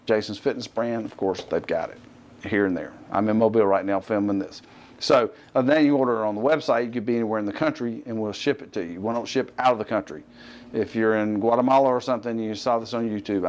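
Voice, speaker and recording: A middle-aged man with a Southern accent hosting a fitness TV show, talking casually, rambling and cutting himself off with joking asides. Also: on the low side. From US Gulf Coast. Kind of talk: casual unscripted TV talk.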